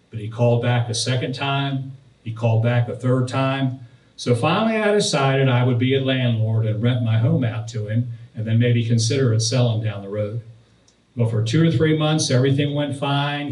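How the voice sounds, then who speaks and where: A pastor preaching, telling a personal story and then reading and explaining scripture verses. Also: male voice, mid-range voice, normal speed, darkish tone. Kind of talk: sermon. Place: church sanctuary. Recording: roomy, distant from the mic.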